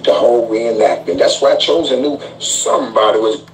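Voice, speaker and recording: A man's voice: lowish voice, brisk, recorded from a distance. A man talking on a live stream, complaining in an agitated, profane way. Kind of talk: casual live-stream talk. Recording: noisy, off-mic.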